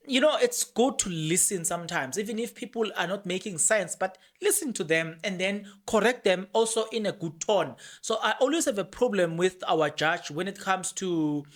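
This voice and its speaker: A podcast host gives casual commentary on court proceedings, talking freely and often repeating or restarting phrases. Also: medium pitch. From South Africa. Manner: talkative, repeats and restarts phrases, reads out documents.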